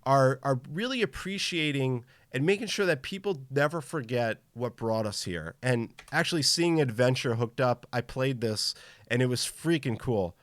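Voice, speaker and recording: A man's voice: medium pitch, animated, normal speed, no room sound, studio quality. Tired but upbeat man hosting a podcast. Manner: enthusiastic, greets chat viewers by name. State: tired from travel. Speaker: podcast host. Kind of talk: casual live-stream chat.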